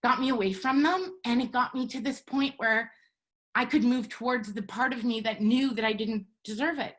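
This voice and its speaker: A woman telling a personal story live, in an earnest, measured way with halting pauses. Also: on the high side. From Canada.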